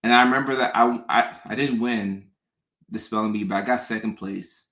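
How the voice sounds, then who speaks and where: A man's voice: on the low side, fairly even intonation, moderate pace, a bit bright. A man from the American South telling stories in casual chat, often restarting and repeating words. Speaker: host. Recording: echoey room.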